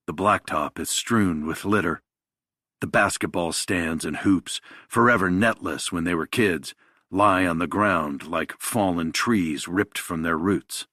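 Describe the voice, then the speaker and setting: A man narrating a thriller audiobook in a measured, even storytelling manner. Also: low-pitched, breathy edge, no echo, studio quality.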